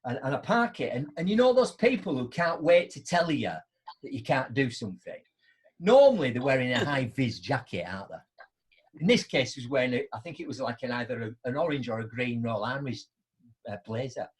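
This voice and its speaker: A middle-aged man hosts a live online show, telling anecdotes in a chatty, animated way and acting out both sides of them. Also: medium pitch, brisk, breathy edge. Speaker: host.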